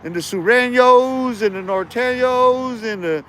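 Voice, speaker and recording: A man with a high-pitched voice delivers an aggressive, profane livestream rant while standing outside by a street. He talks into a handheld phone with faint traffic noise behind him. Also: a little slow, a bit bright. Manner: aggressive, profane trash talk. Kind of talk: confrontational outdoor livestream rant. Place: outdoors by a street.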